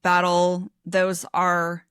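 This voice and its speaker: A woman's voice: fairly low pitch, monotone, very slow, a bit bright, smooth, no echo. Earnest woman co-host, dry sound. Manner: earnest, analytical, laughs easily. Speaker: podcast co-host. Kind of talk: casual book discussion.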